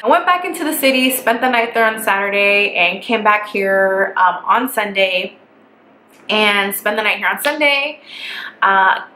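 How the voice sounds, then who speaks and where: Young woman ranting through a bright, echoey storytime. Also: mid-range voice, a little slow. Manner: animated, profane, exasperated storytelling. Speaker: vlogger. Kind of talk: casual storytime vlog. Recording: echoey room with faint background hiss.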